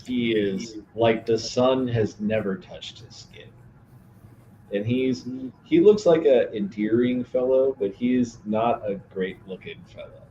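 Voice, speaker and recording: A man's voice: mid-range voice, unhurried, mellow, dull audio, a little hiss or hum. A man playing a tabletop game, describing his character in a laid-back, rambling way. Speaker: player. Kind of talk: casual chat describing a character.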